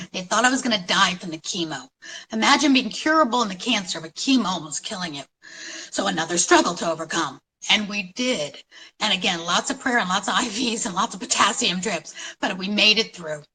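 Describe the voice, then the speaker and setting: A middle-aged woman from New York City telling her story at a conference in an animated, storytelling way, with dramatic pauses. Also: medium pitch, poor audio. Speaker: conference speaker. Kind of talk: inspirational talk.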